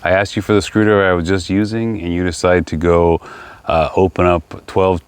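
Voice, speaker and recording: A father with a very low voice ribs his son on a home podcast. He talks bluntly and drily, mixing scolding with affection. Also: little pitch movement, fairly quick, clear, resonant tone, dry recording. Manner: dry teasing, blunt. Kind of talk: casual family podcast chat.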